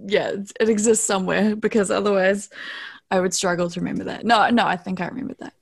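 A woman's voice: mid-range voice, fairly even intonation, quick pace, vocal fry, breathy edge. A young woman with a New Zealand accent, a podcast guest chatting casually, laughing often and trailing off as she searches for words. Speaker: podcast guest, long-distance hiker. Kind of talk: casual interview chat.

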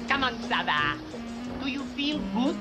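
Brief: a showy cabaret emcee, high and slow over loud music. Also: female voice, big pitch swings. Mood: showy welcome. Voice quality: theatrical, multilingual announcer delivery. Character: flamboyant cabaret emcee welcoming the audience. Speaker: cabaret master of ceremonies in a musical clip. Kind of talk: stage musical singing. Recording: music-backed soundtrack clip.

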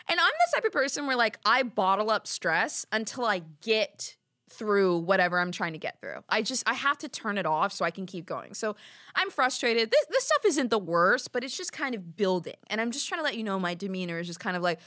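Bright-voiced chatty woman telling a story. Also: medium pitch, animated, a little fast, no echo, clean studio sound. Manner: chatty, exasperated storytelling with many "like"s. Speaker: podcast host. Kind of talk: casual storytelling.

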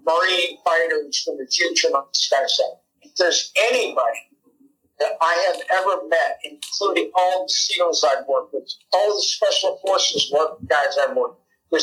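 A man's voice: on the high side, bright, forceful tone, rough recording. A man in an interview, speaking earnestly and emphatically in praise of a director. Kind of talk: interview recollection.

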